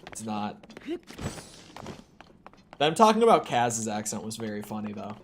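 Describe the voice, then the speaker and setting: A man's voice: on the low side, big pitch swings, a little slow, a little hiss or hum. A man streaming a video game, chatting casually, swearing and breaking into indignant exclamations. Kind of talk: casual live-stream chat while gaming.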